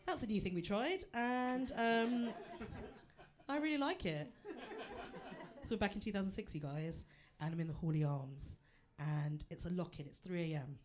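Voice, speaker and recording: A woman's voice: lowish voice, moderate pace. A woman performing a stand-up comedy set on a theatre stage, chatty and self-deprecating as she talks straight to the audience.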